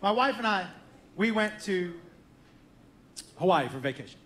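A man's voice: sits high, big pitch swings, normal speed, fairly bright tone. A man performing a stand-up routine, telling a story and acting out the dialogue between himself and his son. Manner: storytelling, acts out both sides of the dialogue. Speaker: stand-up comedian. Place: comedy club stage. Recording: roomy stage recording with audience and noise. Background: audience laughter.

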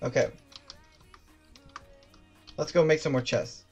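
A gaming streamer giving live commentary, swearing constantly and mocking themself, with loud outbursts and laughter while playing. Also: medium pitch, slow, slightly rough, faint music behind.

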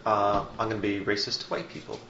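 A man's voice: on the low side, little pitch movement, fast talker, bright, forceful tone, slight background noise. A man playing in a tabletop game, chiming in with short teasing remarks. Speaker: player. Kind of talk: casual tabletop play. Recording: dull, roomy lo-fi recording.

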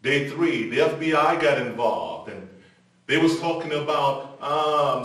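An older man preaching a televised sermon. He moves between impassioned exhortation and a quieter personal testimony. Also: medium pitch. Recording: echoey room from a distance.

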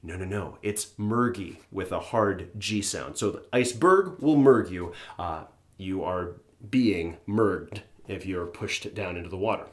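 A man's voice: deep voice, a little slow. A man casually explaining vocabulary as a language teacher, chatty and playful, with fillers and little acted asides.

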